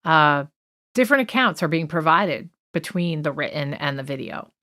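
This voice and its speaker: A woman's voice: low-pitched, lively intonation, normal speed, bright, forceful tone. A woman co-hosting a true crime podcast, talking through a list in a chatty, opinionated way with many fillers and asides. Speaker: podcast co-host.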